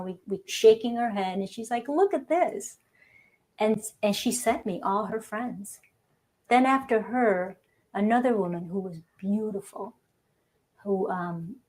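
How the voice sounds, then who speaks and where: A woman hairdresser recalls her early clients in a recorded interview clip. She tells it with animation, slipping into the voices of the people she quotes. Her speaking voice sits at a middle pitch. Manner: animated storyteller acting out dialogue. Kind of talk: interview clip, personal storytelling.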